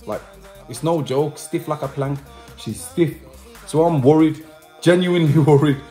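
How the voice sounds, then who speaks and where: A man's voice: a little high, measured pace, warm tone, soft background music. A man vlogging to his subscribers, telling a personal story in a chatty, repetitive way with slang asides. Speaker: vlogger and musician. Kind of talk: casual storytelling to camera.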